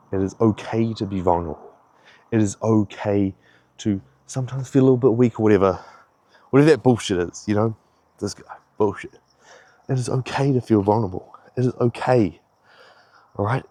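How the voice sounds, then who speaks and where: In his casual vlog, a young fitness vlogger gives a swear-laden, rambling pep talk while somewhat out of breath. The voice is lowish and mellow, and there's no echo.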